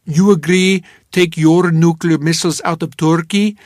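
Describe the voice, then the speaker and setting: A man voicing a gruff Russian male diplomat in a heavy mock Russian accent with blunt, broken phrasing, for an audiobook. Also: on the high side, steady tone, moderate pace, darkish tone, dry recording, clean studio sound, close to an everyday voice. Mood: demanding.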